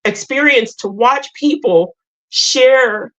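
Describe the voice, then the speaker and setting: A woman hosting a live group talk, sharing her own story in a halting, emotional way and often repeating or restarting her words. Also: fairly high pitch, highs cut off. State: tearful at times. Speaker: host.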